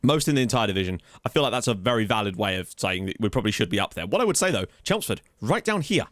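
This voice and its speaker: A man's voice: fairly low pitch, sing-song, quick pace, a bit bright, dry recording, studio quality. A man hosting a football management game let's play, chatting casually and thinking aloud as he reads through stats, easily amazed.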